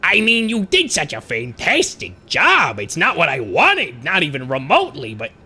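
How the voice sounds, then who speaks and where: A man putting on a high, whiny fretful guy. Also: huge pitch swings, moderate pace, pushed and bright, slightly rough, full character voice.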